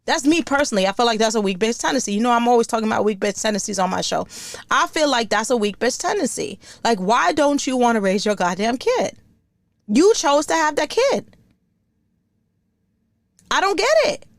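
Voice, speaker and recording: A woman hosts her podcast in a blunt, profane, comedic rant. Her fairly high voice swings widely in pitch. The sound is dry and close, with no room echo. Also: fairly quick. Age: older. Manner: blunt, profane, lively and animated. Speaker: podcast host.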